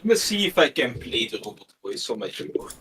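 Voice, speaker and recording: A man casually co-hosting a live stream, relaxed and joking in a blunt, offhand way. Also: medium pitch, fairly quick, background noise. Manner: laid-back, joking, blunt.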